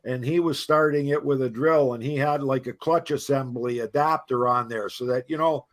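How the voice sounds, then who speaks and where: A man's voice: mid-range voice, steady tone, moderate pace. An American man telling rambling stories in casual chat on a live stream, heard over a video call. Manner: rambling anecdote teller, repeats himself.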